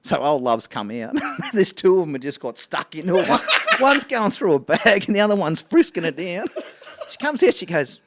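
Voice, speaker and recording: A man's voice: sits high, moderate pace, very noisy. A man with an Australian accent, co-hosting a podcast and spinning casual yarns with plenty of laughter. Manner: animated yarn-spinner, laughs through his stories. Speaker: podcast co-host. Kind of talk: casual storytelling chat.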